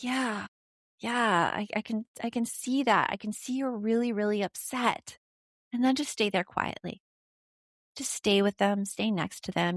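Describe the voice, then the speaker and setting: A woman hosting a parenting podcast talks in a casual, direct way, as if sitting across from the listener. Her voice sits at an ordinary mid pitch. The recording is close and dry, with no room sound around it. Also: fairly bright tone, dry recording. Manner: direct, speaks straight to the listener. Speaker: podcast host. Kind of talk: casual parenting advice talk.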